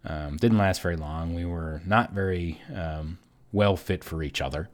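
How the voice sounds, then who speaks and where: Man, low voice, solo podcast host, reflective storytelling, hesitant, lots of ums. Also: measured pace. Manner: reflective, hesitant with many fillers.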